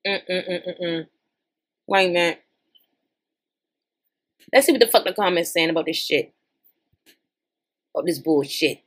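A woman hosting a podcast, giving sassy, profane, animated reaction commentary in as she scrolls social media. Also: mid-range voice.

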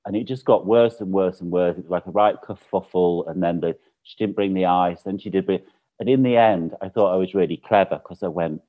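A British man with a fairly low voice tells a long, chatty anecdote and laughs often. The sound is thin and narrow, as if it came down a phone line. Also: brisk. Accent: British English. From Britain. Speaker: guest. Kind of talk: casual chat, anecdote.

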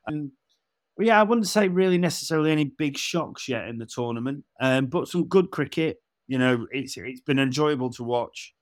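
A man's voice: mid-range voice, expressive, moderate pace, dry recording. An English man in his forties tells travel stories on a podcast, laughing as he acts out what people said to him. His voice sits in a middle register and is recorded dry and close. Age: 40s. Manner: chatty storyteller, laughs and acts out dialogue. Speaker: podcast co-host. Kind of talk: casual podcast chat.

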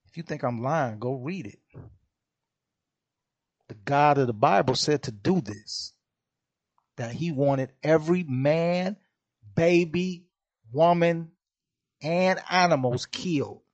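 A man's voice: fairly high pitch, takes it slowly, long pauses, muffled recording. A man hosting a podcast, giving an impassioned monologue in blunt, profane street slang. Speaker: podcast host.

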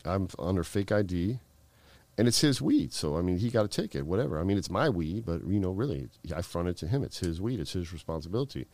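Deep-voiced man telling a rambling, profane story. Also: big pitch swings, quick pace, a little mellow, dry recording. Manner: rambling, profane, heavy fillers. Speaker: guest. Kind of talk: casual storytelling.

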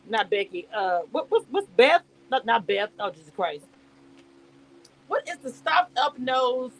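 A woman hosting a casual live stream, reading chat aloud and reacting with lots of laughter and rambling asides. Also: mid-range voice. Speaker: YouTube live host reacting to a reality show cast.

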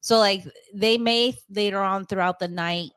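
A woman's voice: medium pitch, fairly even intonation, unhurried, fairly bright tone, smooth, no echo. A woman co-hosting a podcast, talking casually and easygoing, often laughing. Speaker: podcast co-host. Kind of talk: casual chat.

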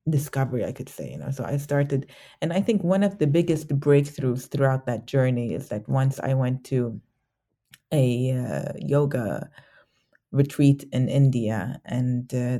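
A woman guest in an interview, reflecting candidly on a personal journey, halting often with restarts and fillers. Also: a bass voice, mellow.

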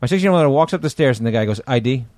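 A man co-hosting a podcast who rattles off profane anecdotes at a quick clip. His mid-pitched voice is recorded dry and close to the mic. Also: expressive, darkish tone, dry recording. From Connecticut. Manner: fast, profane anecdote telling. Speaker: podcast co-host. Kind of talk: casual podcast chat.

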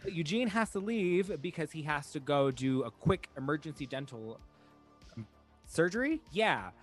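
A man co-hosting a casual podcast, retelling a film plot in an animated, profane way with frequent laughs. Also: a little high, normal speed, soft background music. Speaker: podcast co-host. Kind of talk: casual chat recapping a film.

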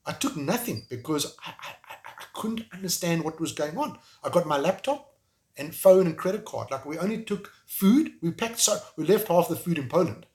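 A man with a South African accent, speaking as an interview guest in an emotional, halting way, with frequent restarts. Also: fairly high pitch, animated, a little mellow. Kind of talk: remote interview conversation.

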